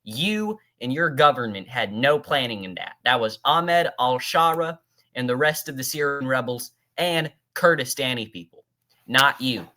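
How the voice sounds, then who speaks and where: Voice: medium pitch, expressive, unhurried, pushed and bright. Heated commentator ranting back at a speech. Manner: ranting, addresses the speaker directly, scornful. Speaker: political commentator.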